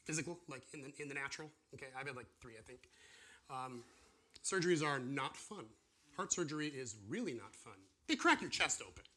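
A man teaching an informal sermon to a class, animated and acting out the voices of people and God. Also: medium pitch, brisk. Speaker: pastor or church teacher.

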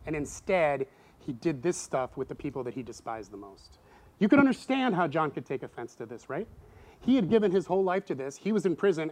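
A middle-aged man preaching a sermon in a lively way, acting out voices with sudden loud outbursts. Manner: animated, acts out quoted voices with big pitch jumps. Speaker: pastor.

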